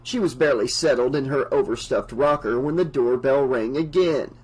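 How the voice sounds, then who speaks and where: A man narrating an unabridged novel audiobook in a steady storytelling manner. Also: mid-range voice, moderate pace, poor audio.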